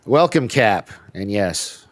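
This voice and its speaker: A man's voice: on the low side, big pitch swings, slow pace, no room sound. A man hosting a casual review podcast, joking around and often restarting his sentences. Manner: joking, flustered, lots of restarts. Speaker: podcast host.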